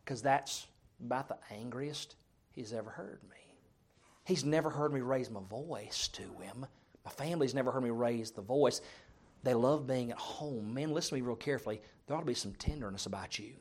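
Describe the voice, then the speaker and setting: A middle-aged man preaching a sermon, telling humorous stories and swinging between loud and soft. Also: mid-range voice, moderate pace, husky.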